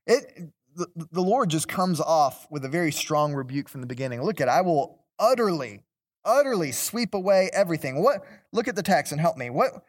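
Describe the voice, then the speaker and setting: A man leads a Bible class in a relaxed, conversational way, his voice sitting a little high. He stumbles over repeated words and keeps turning questions back to the listeners. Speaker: Bible study teacher. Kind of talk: interactive Bible class teaching.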